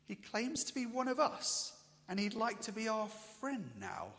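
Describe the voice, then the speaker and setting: A man's voice: sits high, huge pitch swings, unhurried, creaky, fairly bright tone, pitched above the performer's own voice, heavily acted. A man voicing alarmed, suspicious early believers in an urgent, raised voice, with a long church reverb.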